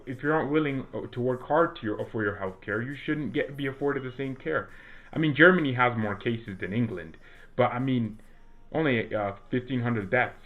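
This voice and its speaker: A man's voice: medium pitch, phone-quality sound. A teenage boy from the United States chatting casually while he plays a video game, rambling with lots of restarts and fillers. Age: teens. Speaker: gaming streamer and fan commentator.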